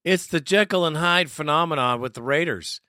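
A man's voice: a little high, normal speed, sharp tone, no echo. Laid-back male show host, dry sound. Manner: laid-back, laughs, introduces callers. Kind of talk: casual radio talk.

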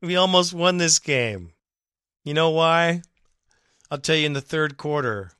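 A man's voice: a little high, expressive, measured pace, sharp tone, smooth, dry recording, studio quality. A man hosting a fan podcast, ranting emphatically and with exasperation about his team's coaching. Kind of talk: ranting sports commentary.

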